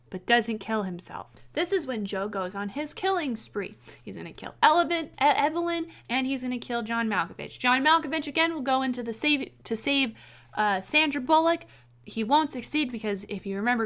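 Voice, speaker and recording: A woman rambling casually about how she would rewrite a film, sarcastic, with quick restarts. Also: high-pitched, fairly bright tone. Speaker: video essayist.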